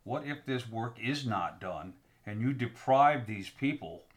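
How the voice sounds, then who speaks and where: A man co-hosting a casual faith podcast, telling a personal story in a halting way that repeats words as he goes. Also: mid-range voice, expressive. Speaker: podcast co-host. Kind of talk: casual religious discussion.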